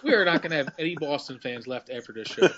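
A man's voice: on the high side, fairly quick, dull audio, slight background noise. A man co-hosting a toy podcast in casual chat, joking and swearing freely. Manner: animated, joking, profane. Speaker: podcast co-host.

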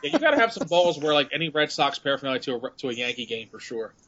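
Bright, animated male co-host, jokey and profane, slightly muffled with faint hiss. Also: medium pitch, very fast. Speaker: podcast co-host. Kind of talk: casual chat.

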